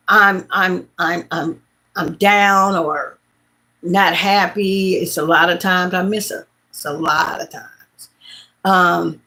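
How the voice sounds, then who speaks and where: A woman's voice: mid-range voice, a bit bright. Rambling woman in her late fifties. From Mississippi, USA. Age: late 50s. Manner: rambling, repetitive, heartfelt storytelling. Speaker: livestream host. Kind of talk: casual livestream chat.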